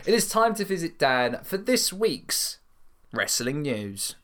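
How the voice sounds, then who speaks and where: A man's voice: high voice, sing-song, a little slow, a bit bright. A man hosting a wrestling podcast with a casual chat style and a theatrical, upbeat way of opening the show. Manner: upbeat, theatrical intro delivery. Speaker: podcast host.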